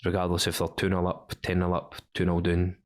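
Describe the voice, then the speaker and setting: A Scottish man co-hosting a podcast, chatting casually about football in a slangy, excitable way, calling people mate. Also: deep voice, fairly quick. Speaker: podcast co-host.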